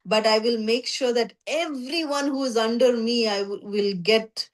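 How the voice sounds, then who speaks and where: A woman with a high voice teaching a scripture story class. She narrates animatedly, slipping into voices and leaning on 'you know'. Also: measured pace. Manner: frequent 'you know' fillers.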